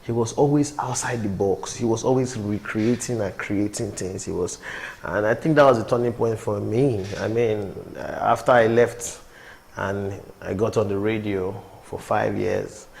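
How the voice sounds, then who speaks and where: A man's voice: fairly low pitch, steady tone, moderate pace, gravelly, a little mellow. A man from Nigeria with a Nigerian accent, a comedian chatting easily as a guest and laughing between stories. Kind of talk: casual interview chat. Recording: echoey studio room.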